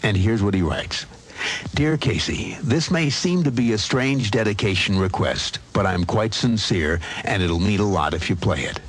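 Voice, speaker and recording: A man working as a countdown radio host, reading a listener's dedication in a deep, measured voice, then ranting and swearing at his staff. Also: lively intonation, husky. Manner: deep, measured delivery turning into profane ranting. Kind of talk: archival studio outtake. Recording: noisy archival tape.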